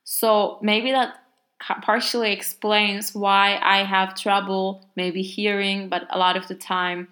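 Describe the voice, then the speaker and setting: A woman's voice: mid-range voice, level tone, slow pace, fairly bright tone. A woman with a Turkish accent, a native Turkish speaker, explaining grammar in a casual language lesson with many fillers and exaggerated example words. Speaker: language teacher.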